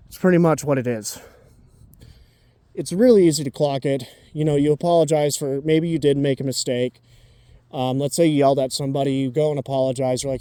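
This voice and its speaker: A man's voice: medium pitch, fairly even intonation, a little fast, dark tone, clear, resonant tone, dry recording. A man in his twenties giving dating advice in a blunt, profane, ranting casual monologue. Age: 20s.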